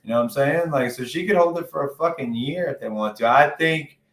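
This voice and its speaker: A man in casual conversation, rambling through his opinions with plenty of swearing. His voice sits in a roomy space with a clear echo behind it. The pitch stays at an ordinary middle level for a man. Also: a little fast, fairly bright tone. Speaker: podcast co-host. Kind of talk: casual wrestling chat.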